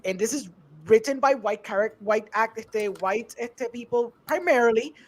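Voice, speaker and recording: A man's voice: sits high, normal speed. A man co-hosting a podcast, chatting casually and explaining with energy while he switches between Spanish and English mid-sentence. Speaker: podcast co-host. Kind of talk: casual chat.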